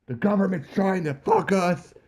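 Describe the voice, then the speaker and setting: A man's voice: sits high, moderate pace, breathy edge, voice pushed up. A man doing a big raving conspiracy ranter. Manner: shouting, wild-eyed ranting.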